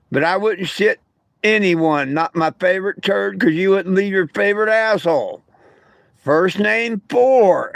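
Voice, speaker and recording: An older man with a high, sharp, bright voice, recorded close and dry. He talks in a folksy, plain-spoken way and turns combative and crude when he answers his critics. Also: dry recording. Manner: folksy storyteller with homespun grammar. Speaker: vlogger. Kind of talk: casual rant to camera.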